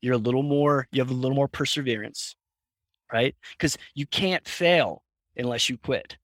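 A man being interviewed as a company founder, telling stories in a lively way and acting out voices in his anecdotes. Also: mid-range voice, normal speed, no room sound. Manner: animated storyteller, acts out voices in anecdotes, laughs often. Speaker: founder and guest. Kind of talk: conversational interview storytelling.

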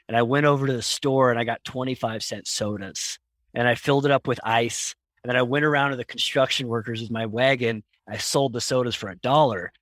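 Male guest, mid-pitch, animated storyteller who acts out voices, dry close recording. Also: no echo. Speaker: founder and guest. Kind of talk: conversational interview storytelling.

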